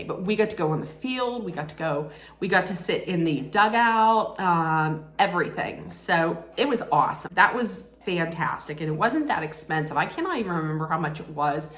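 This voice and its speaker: A woman vlogger telling a casual story, animated and excitable, laughing often. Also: sits low, moderate pace, roomy sound.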